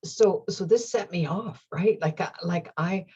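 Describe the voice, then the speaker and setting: A woman with a low, husky voice tells a personal story in a casual, animated way. She often laughs and restarts her phrases. The recording sounds slightly dull and lo-fi. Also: a little slow. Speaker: host.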